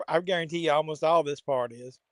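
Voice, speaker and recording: A man's voice: fairly high pitch, fairly quick, no echo. Wry man chatting over a movie. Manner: wry, joking asides, chatty. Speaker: host. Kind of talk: casual live watch-along commentary.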